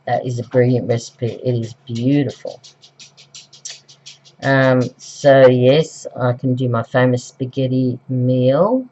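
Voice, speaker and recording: An Australian woman in middle age, just over the flu, talks slowly and chattily as she works on a craft project at home. She wanders off track, fills pauses with ums and corrects herself as she goes. The home recording sounds dull and lo-fi. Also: extremely low pitch, fairly even intonation, mellow. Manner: rambling and chatty, with many ums and self-corrections. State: recovering from flu. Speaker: craft vlogger. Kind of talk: casual craft tutorial chat.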